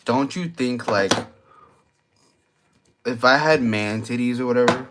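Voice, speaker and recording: Slow-talking tipsy young man ranting. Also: mid-range voice, background noise. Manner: crude, slangy, argumentative, repeats himself. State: drinking, tipsy. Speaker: vlogger. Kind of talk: late-night rambling monologue.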